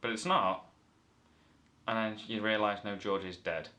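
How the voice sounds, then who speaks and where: A man's voice: lowish voice, fairly even intonation, a little slow, bright, forceful tone. Rambling comic man reviewing a movie. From north of England. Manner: rambling, self-correcting, playful.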